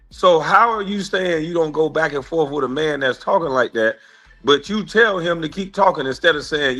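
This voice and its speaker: Bright-voiced man pressing hard. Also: fairly high pitch, moderate pace, faint music behind. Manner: pressing, interrogating. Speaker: panel host. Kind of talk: heated argument.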